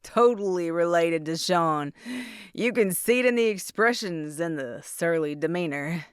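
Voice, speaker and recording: Brief: woman reading as a breezy American guy, jokey and relaxed, dry close sound. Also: lowish voice, a little slow, smooth, dry recording, natural voice. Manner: jokey, laid-back. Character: joking easygoing American man.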